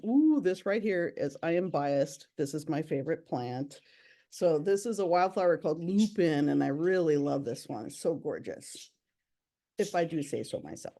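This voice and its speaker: Lively, bubbly woman with a low, mellow voice. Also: normal speed. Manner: bubbly, enthusiastic, chatty. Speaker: park education staff. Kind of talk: virtual nature presentation. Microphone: computer mic on a video call.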